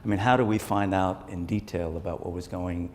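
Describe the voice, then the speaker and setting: Brief: deep-voiced male journalist, measured and thoughtful, stage interview in a big echoey hall with faint room noise. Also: fairly even intonation. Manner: measured, repeats words while thinking. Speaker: journalist and author, interview guest. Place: conference stage.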